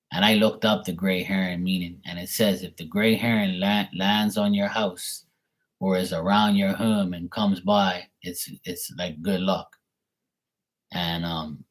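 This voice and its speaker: A man, hosting a live tarot stream, telling a rambling, profane story and answering his viewers. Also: deep voice. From Bermuda. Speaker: tarot reader livestream host. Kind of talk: casual livestream chat.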